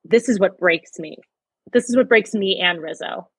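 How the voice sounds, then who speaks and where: Woman co-host, breathy and dry-miked, gushes emotionally over film scenes. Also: medium pitch, moderate pace, no echo, poor audio. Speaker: podcast co-host. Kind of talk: casual chat.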